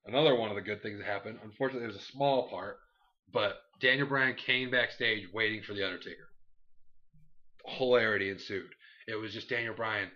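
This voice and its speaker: A man's voice: on the low side, brisk, bright, forceful tone. A man co-hosting a casual wrestling recap chat, rambling and acting out quotes in silly voices. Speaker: podcast co-host. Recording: dull lo-fi recording.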